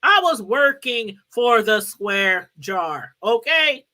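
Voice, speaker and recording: A middle-aged woman talking straight to her viewers in a loose commentary chat, with a lilt. Her voice sits high and sounds bright and forward. She rambles in a lively way, laughs easily and calls out to viewers by name. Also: takes it slowly. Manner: animated, chatty, laughs often and greets viewers by name. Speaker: YouTube commentary host.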